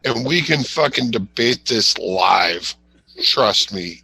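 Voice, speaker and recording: A man's voice: mid-range voice, lively intonation, slow pace, gravelly, bright, forceful tone, breathy edge, poor audio. A man co-hosting a podcast, ranting bluntly and swearing constantly in casual chat. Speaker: podcast co-host.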